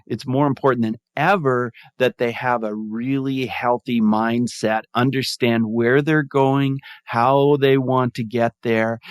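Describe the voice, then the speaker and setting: A man's voice: medium pitch, dry recording. A middle-aged man, a podcast guest, telling a personal story in an earnest, reflective way. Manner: earnest, reflective, acts out quoted voices. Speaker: podcast guest, mindfulness advocate. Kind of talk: storytelling in an interview.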